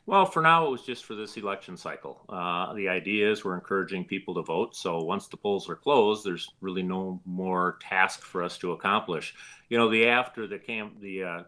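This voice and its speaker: A middle-aged man from Wisconsin answering interview questions in a relaxed, plainspoken way with filler pauses. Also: deep voice. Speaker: guest, former state attorney general.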